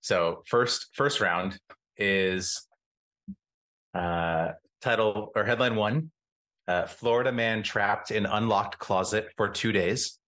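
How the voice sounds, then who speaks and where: Easygoing low-voiced man on a podcast. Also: takes it slowly, fairly bright tone. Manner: easygoing, agreeable, giggles often. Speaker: podcast co-host. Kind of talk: casual chat.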